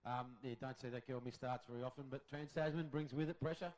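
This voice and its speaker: A man's voice: mid-range voice, fairly even intonation, quick pace, darkish tone, rough recording. Aussie guy doing colour commentary, easygoing, calls everyone mate. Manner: chatty, matey color commentary. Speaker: race commentator. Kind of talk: live race commentary.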